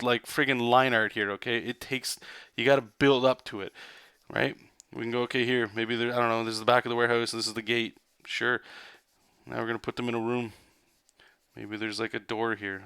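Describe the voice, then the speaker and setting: A man's voice: medium pitch, pushed and bright, dry recording, clean studio sound. A man, a comic artist, giving a loose, rambling live drawing lesson. He talks casually, swears, and keeps checking in with "right?" and "okay?".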